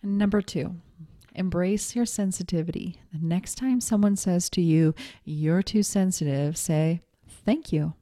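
Middle-aged woman coaching, candid and chatty, warm mellow low voice. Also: measured pace. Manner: candid, chatty, with frequent ums and laughs. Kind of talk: casual self-help talk.

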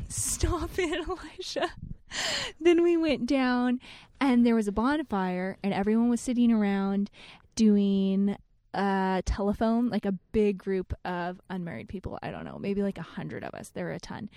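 A young adult woman co-hosting a casual chat with her husband, telling stories in a giggly, animated way with many "like"s. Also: mid-range voice, normal speed, no echo, studio quality. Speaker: podcast co-host.

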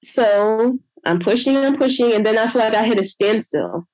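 Higher-voiced woman telling a story. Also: moderate pace, dry recording, poor audio. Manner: animated, re-enacts others with lively quoted voices. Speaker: guest sharing a personal story. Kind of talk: conversational storytelling.

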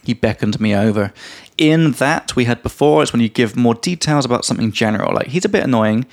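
A young man co-hosting a podcast, chatting casually and explaining English vocabulary with a relaxed, joking manner. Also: mid-range voice, fairly quick, vocal fry. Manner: laid-back, swears casually, laughs a lot. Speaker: podcast co-host, English teacher.

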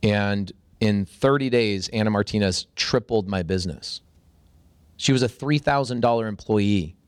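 A man's voice: on the low side, normal speed, smooth, no echo. Man telling a story on a podcast. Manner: animated storyteller, voice jumps up when excited. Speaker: podcast guest.

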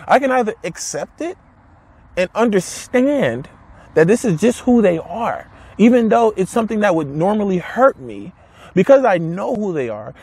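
A man with a fairly high, husky voice delivers a casual motivational talk to camera. His pitch swings widely as he hammers home his points with repeated rhetorical questions. His wording is blunt and direct. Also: a little mellow. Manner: emphatic, repetitive, rhetorical questions. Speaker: motivational speaker.

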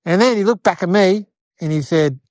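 A woman voicing an eight-year-old city boy, telling a rambling comedic story in a whiny, excitable way. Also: lowish voice, normal speed, no room sound, lightly acted. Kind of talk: comedic character monologue.

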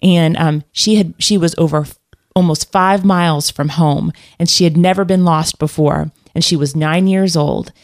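A woman's voice: deep voice, fairly even intonation, normal speed. A woman telling a personal story in casual conversation, rambling with fillers and restarts. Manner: rambling, many restarts and fillers, laughs often.

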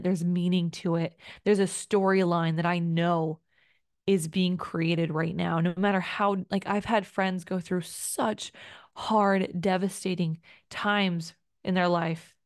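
A woman's voice: lowish voice, dry recording. Earnest woman podcast host, dry close sound. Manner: earnest, emotive, rambling with many "like"s. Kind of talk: solo podcast monologue.

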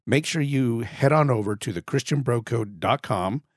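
A man in his forties hosting a casual podcast, with a raspy throat, talking in a chatty way, repeating words and cracking small jokes about himself. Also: mid-range voice, animated, moderate pace, no room sound, clean studio sound. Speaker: podcast host.

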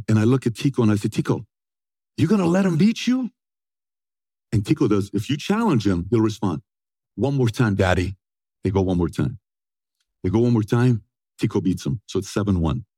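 A man's voice: on the low side, breathy edge, dry recording. Punchy forties guy telling a story to a crowd, dry close mic. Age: 40s. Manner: energetic, punchy, asks the audience questions. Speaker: motivational speaker. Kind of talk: storytelling talk to an audience.

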